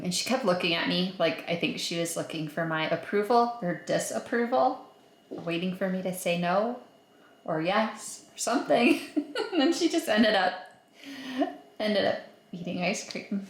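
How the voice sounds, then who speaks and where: A woman's voice: lowish voice, expressive, normal speed, roomy sound. A woman chatting casually to her camera at home, rambling with plenty of fillers. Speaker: vlogger. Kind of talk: casual home vlog chat.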